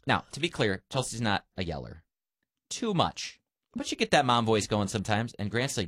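A middle-aged man co-hosting a casual talk show, teasing and telling an animated story. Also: fairly low pitch, moderate pace, no room sound, studio quality. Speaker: co-host. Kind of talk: casual chat.

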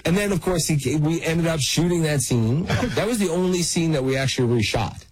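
A man guest on an interview, telling lively anecdotes and often laughing as he talks. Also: fairly high pitch, brisk, few pauses, poor audio. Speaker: actor guest.

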